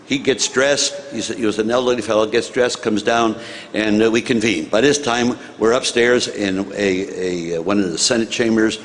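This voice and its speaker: An older man from the United States, a former senator, telling an animated story to an audience and acting out the dialogue. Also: fairly low pitch, normal speed, a little hiss or hum. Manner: animated, acts out dialogue, chuckles at own story.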